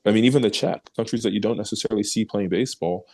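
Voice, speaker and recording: A young man, a baseball pitcher guest, telling stories in a casual interview and acting out the lines of the people he quotes. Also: rapid-fire. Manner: animated storyteller who acts out quoted remarks, laughs easily.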